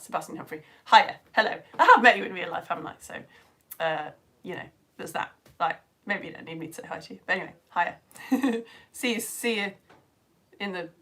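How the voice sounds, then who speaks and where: A woman's voice: mid-range voice, fairly bright tone. A woman teaching a live online science lesson, chatting with viewers and reading out their comments in a bubbly, playful way, laughing often.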